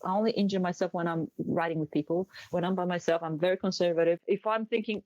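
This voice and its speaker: A woman's voice: medium pitch, level tone, quick pace, few pauses, a little mellow, no echo. A woman in her forties from Poland with a Polish accent, whose first language is Polish, talking candidly and easily as a guest in an interview, with small slips in her English. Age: 40s. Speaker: podcast guest, motorcycle traveler. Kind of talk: casual interview talk. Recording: muffled dry recording.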